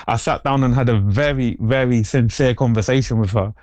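A man, a podcast guest, telling personal stories in a lively, colloquial, slangy way. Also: mid-range voice, brisk, no room sound. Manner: animated storytelling, colloquial slang. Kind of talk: candid podcast conversation.

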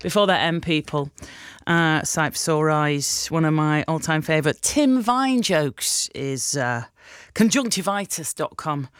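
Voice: medium pitch, expressive, measured pace, a bit bright, clear, resonant tone, no echo. Chatty radio presenter, dry studio. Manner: chatty, laughs at own stories, drifts off on tangents. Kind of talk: casual radio chat.

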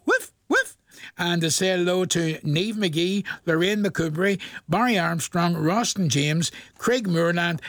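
A Northern Irish man presenting a radio show, reading out shout-outs and requests in a rambling, folksy way and hesitating over long lists of names. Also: high voice, no echo, studio quality.

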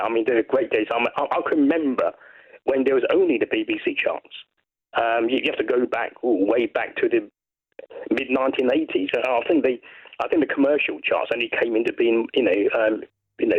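A man's voice: medium pitch, husky. Talkative man calling in on a phone line. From England. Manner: rambling, enthusiastic, many restarts. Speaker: caller. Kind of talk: casual chat on a radio phone-in.

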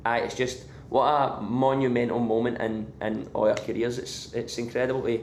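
A man's voice: mid-range voice, little pitch movement, normal speed, darkish tone, reverberant, slight background noise. A Scottish man, a band member guest, talking casually with many fillers and restarts. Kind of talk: casual interview. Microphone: remote line from abroad.

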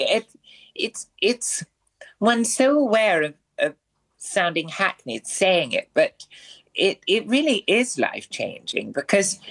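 A man's voice: a little high, a bit bright. Theatrical man with ornate speech. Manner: florid, theatrical speech full of ornate words. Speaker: comedian and performer as guest. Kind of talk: radio interview.

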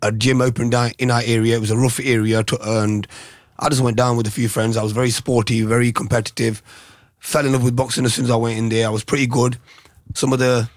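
A man's voice: mid-range voice, level tone, fast, no room sound, clean studio sound. A middle-aged man, a former boxer, giving reflective interview answers with restarts. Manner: soft-spoken, reflective, with restarts.

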